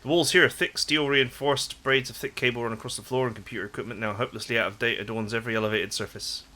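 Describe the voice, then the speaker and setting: A man's voice: mid-range voice, fairly even intonation, quick pace, sharp tone. A man hosting a let's play, reading game text aloud dramatically and chatting casually about the game with lots of "like". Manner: casual asides full of "like", dramatic read-aloud of game prose.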